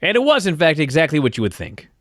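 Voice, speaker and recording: Lively, ranting man. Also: fairly high pitch, fast talker, dry recording, studio quality. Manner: animated, exasperated ranting with swearing. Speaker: podcast co-host. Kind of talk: casual recap chat.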